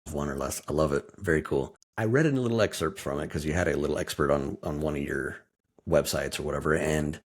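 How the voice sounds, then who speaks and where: A man hosting a podcast who asks questions in a relaxed way and keeps saying how cool things are. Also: very deep voice, fast talker. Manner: enthusiastic, encouraging interviewer with short affirmations. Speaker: podcast host. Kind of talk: casual interview chat.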